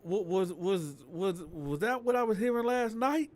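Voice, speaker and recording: A man's voice: sits high, measured pace, pitched above the performer's own voice. A man playing a nervous white male landlord who stammers through flustered questions. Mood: concerned. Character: anxious white male landlord, polite and easily startled.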